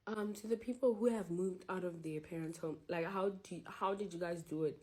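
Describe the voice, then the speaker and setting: Young woman, low husky voice, confrontational and swearing. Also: normal speed, a little mellow. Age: young adult. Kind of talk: angry personal rant.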